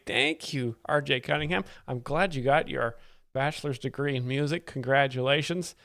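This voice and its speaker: A man with a gravelly, creaky voice hosts a live stream from home, rambling and explaining jokes with dry, mock-serious commentary. His desk mic sounds close and dry, with no room echo. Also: medium pitch, normal speed, fairly bright tone. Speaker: livestream host.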